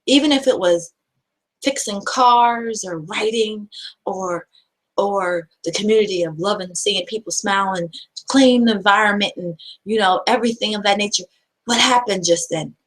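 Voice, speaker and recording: A woman's voice: mid-range voice, moderate pace, a bit bright, poor audio. A woman giving a motivational self-help talk, earnest and repetitive, asking her listeners rhetorical questions over and over.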